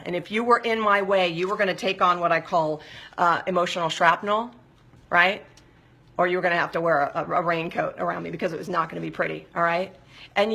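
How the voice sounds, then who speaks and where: A woman hosting a live recovery talk, speaking in a confessional, expressive way and often checking in with "right?". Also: lowish voice, husky.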